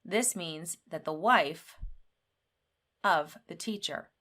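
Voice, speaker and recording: Female grammar teacher, deliberate delivery, slightly low pitch, reads examples out with emphasis. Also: a bit bright. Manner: slow, clearly spelled-out teaching; acts out example sentences with lifted pitch. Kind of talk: grammar lesson.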